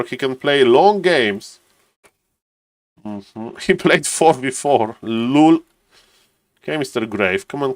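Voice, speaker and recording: A man's voice: medium pitch, no echo, studio quality. A man chatting casually on a live stream, greeting viewers by name and thinking aloud as he waits for a match. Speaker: streamer and caster.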